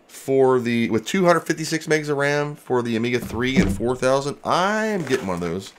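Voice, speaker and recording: A man hosting a casual livestream from his home workshop, chatting excitedly and swearing mildly as he opens packages. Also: mid-range voice, a little hiss or hum. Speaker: retro computer restoration channel host. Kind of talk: casual livestream mail-opening chat.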